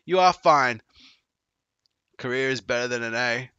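A man's voice: medium pitch, unhurried, clear, resonant tone, dry recording, highs cut off. A man coaching video games on a live stream, chatting casually, swearing and joking with viewers. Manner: profane, joking, excitable.

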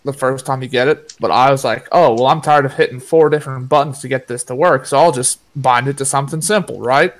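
Young male gamer, casual, wry, explains things with swearing, mid-pitched. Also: a little fast, few pauses. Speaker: gamer co-player. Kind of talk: casual gaming chat.

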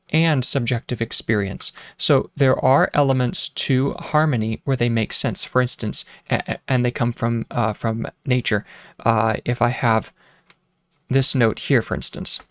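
Recorded in studio quality with no room sound, a man with a medium-pitched, fairly bright voice teaches music casually at the keyboard. He muses aloud with fillers and restarts, sometimes humming and counting rhythms, as piano plays in the background.

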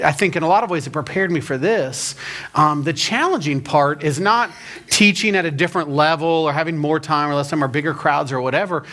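A man preaching a sermon, telling a comic story and acting out his own panic in high squeals. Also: sharp tone. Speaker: pastor. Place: church auditorium.

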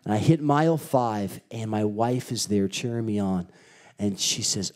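A pastor preaching a sermon with animated storytelling and rousing emphasis. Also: male voice, lowish voice, normal speed. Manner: animated storytelling, acting out quotes.

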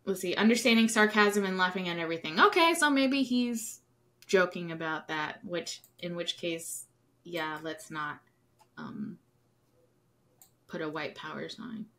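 Bright-voiced woman, slow and laughing. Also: on the low side. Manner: laughing, self-mocking, animated quotes. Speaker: podcast co-host. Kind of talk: casual chat.

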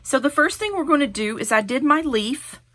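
A woman's voice: high voice, lively intonation, moderate pace, a bit bright. A middle-aged woman hosting a hands-on craft tutorial, talking viewers through each step in a chatty, encouraging way.

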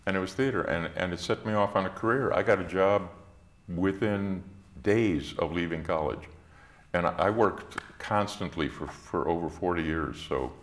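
An older man, an actor on a college panel, recalling his career in a relaxed way with pauses. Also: low voice. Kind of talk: reflective talk.

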